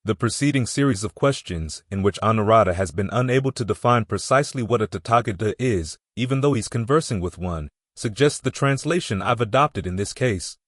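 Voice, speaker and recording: A man giving a measured, deliberate scripted reading of a Buddhist text. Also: lowish voice, expressive, no echo, studio quality.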